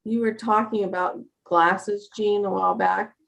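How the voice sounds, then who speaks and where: A woman hosting a video call, speaking softly and attentively. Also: medium pitch, fairly even intonation, a little slow, vocal fry, muffled recording. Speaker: host. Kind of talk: casual chat.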